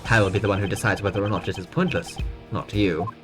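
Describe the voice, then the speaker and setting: A cool, stern male prosecutor from a video game, as a woman plays him with her voice pushed down. He speaks low, slow and measured. Game music runs clearly behind him. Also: steady tone.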